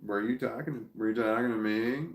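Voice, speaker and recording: A Southern man whose voice sits on the low side chats casually on a livestream at a moderate pace, with a Southern American accent and a roomy sound. He reads the live comments and responds stop-start, chuckling as he goes.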